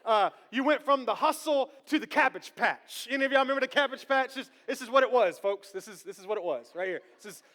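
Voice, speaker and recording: A man in his thirties preaching a sermon as pastor, animated and joking with the congregation. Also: very high-pitched, fast talker, hardly any pauses. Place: church sanctuary. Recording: long church hall reverb.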